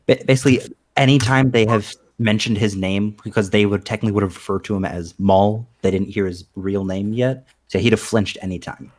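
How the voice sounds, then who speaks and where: A man with a lowish voice talks through his character's reactions in loose, rambling sentences. He pads his explanations with likes and ums in casual table chat. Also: steady tone, brisk, hardly any pauses, a little mellow. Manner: rambling, explains with many fillers. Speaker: player.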